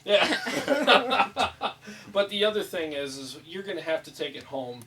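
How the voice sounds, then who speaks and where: A man hosting a casual chat about guitar amp settings in a small studio room, upbeat and quick to laugh. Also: fairly high pitch, expressive, fairly bright tone, far from the mic, rough recording. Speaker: host.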